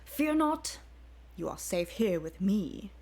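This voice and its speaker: A woman voicing a lecherous, pompous nobleman in a comic dramatic reading, drawing her words out slowly and leeringly. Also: big pitch swings, darkish tone, full character voice. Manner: slow, drawn-out, leering, mock-deep.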